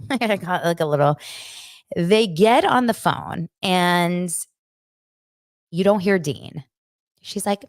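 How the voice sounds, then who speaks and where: A woman's voice: fairly low pitch, moderate pace, no echo. Chatty woman host, dry close mic. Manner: animated storytelling, acting out quotes with filler "like". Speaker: pop culture show host. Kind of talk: casual chat recapping celebrity news.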